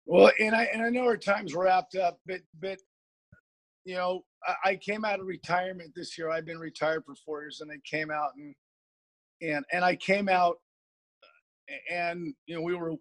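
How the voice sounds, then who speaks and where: A middle-aged man from Oregon, a high school football coach, telling stories as a guest in a rambling, earnest way with many repeated words. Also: steady tone, moderate pace, fairly bright tone, dry recording. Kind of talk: guest storytelling on a podcast.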